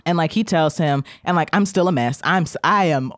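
A young woman, a podcast guest, telling a long story in casual chat, animated and profane, acting out the people she quotes. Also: sits low, brisk, no echo, clean studio sound.

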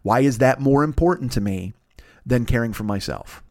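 A man's voice: medium pitch, lively intonation, normal speed, a little mellow, dry recording, studio quality. A man hosting a podcast, telling a rambling, profane, self-mocking story in casual chat, with bursts of laughter. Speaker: podcast host. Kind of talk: casual comedic monologue.

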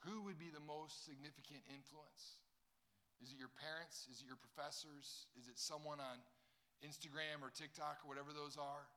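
Young male pastor with a bright, fairly high voice, preaching and joking with the room. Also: steady tone, normal speed. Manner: jokey, talks straight to a young crowd. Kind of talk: sermon.

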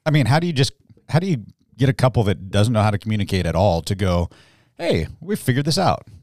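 A man's voice: fairly low pitch, sing-song, fast talker, a little mellow, no echo. A man hosting a podcast, asking questions casually with self-deprecating jokes. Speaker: podcast host.

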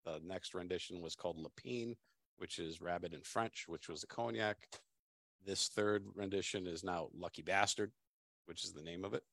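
Deep-voiced man talking about whiskey in halting bursts. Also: gravelly, fairly bright tone, no room sound. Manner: halting, restarts words, laughs easily. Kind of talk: casual tasting chat.

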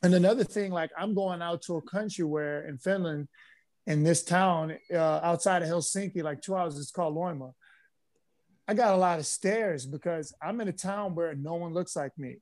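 Man, fairly high voice, relaxed, chatty, podcast guest, lots of fillers. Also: normal speed. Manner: relaxed storyteller, easygoing with frequent fillers. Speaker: guest, former pro basketball player. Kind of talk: casual podcast interview.

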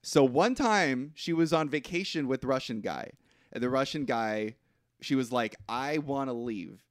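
A man co-hosting a podcast, recapping a movie in casual chat, rambling and halting with restarts and swearing. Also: mid-range voice, dry recording, studio quality. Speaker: podcast co-host.

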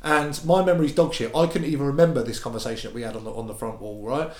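A man in his thirties, a podcast guest telling a personal story openly, going quiet when moved and lively when joking. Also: mid-range voice, fast. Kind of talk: candid storytelling chat. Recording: echoey room.

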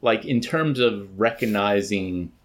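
A man's voice: lowish voice, slow pace. A man reading a novel aloud and then discussing it in a hesitant, thoughtful way.

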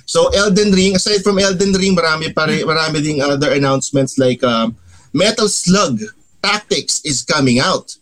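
A man with a Filipino accent co-hosting a casual podcast chat, relaxed and mixing English with Tagalog. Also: fairly high pitch, moderate pace. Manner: relaxed, switching between English and Tagalog, with frequent laughs. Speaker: podcast co-host.

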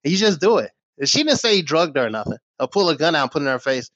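A man's voice: fairly high pitch, big pitch swings, racing, a bit bright, no echo. A middle-aged man ranting on his small commentary channel, heated, scornful and full of swearing. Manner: heated, profane, scornful rant. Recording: dull, dry lo-fi recording.

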